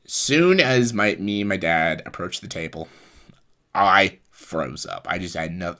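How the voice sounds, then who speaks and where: A man's voice: lowish voice, sharp tone. A young man telling a rambling personal story in a casual way, full of fillers and restarts. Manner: rambling, with fillers and self-corrections. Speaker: vlogger.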